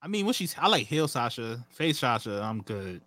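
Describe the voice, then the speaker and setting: A man in a casual wrestling chat, cutting in with quick, emphatic remarks. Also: medium pitch, big pitch swings, sharp tone, dry recording.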